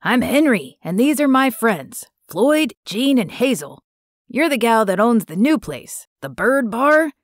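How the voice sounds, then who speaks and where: A woman's voice: on the high side, sing-song, unhurried, no room sound, studio quality, voice pushed up. A woman voicing a chatty, teasing old man who is a town regular, read in a storybook audiobook. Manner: jovial, teasing.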